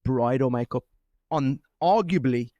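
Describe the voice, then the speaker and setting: Young male host, lively and loose, dry close sound. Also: mid-range voice, a little slow, no room sound, highs cut off. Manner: animated, swearing, laughing storyteller. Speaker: podcast host. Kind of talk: casual podcast chat.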